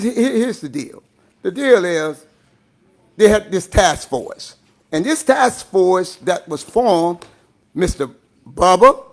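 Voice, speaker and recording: A high-voiced man from Louisiana, hoarse and with his voice giving out, hurries through an urgent, emphatic public comment at a school board meeting as he races the time limit.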